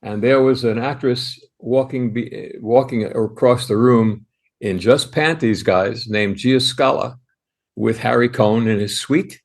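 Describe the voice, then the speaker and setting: A man's voice: medium pitch, a little slow, vocal fry. An older man in his eighties with a Bronx accent, telling anecdotes animatedly as a podcast guest, full of restarts. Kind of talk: anecdotal storytelling.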